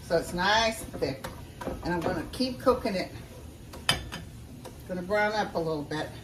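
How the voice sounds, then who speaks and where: A woman's voice: fairly low pitch, normal speed. Woman home cook for a casual cooking vlog, folksy and chatty with viewers, recorded off-mic in an echoey kitchen with faint noise. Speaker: home cook showing a recipe. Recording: roomy sound from a distance.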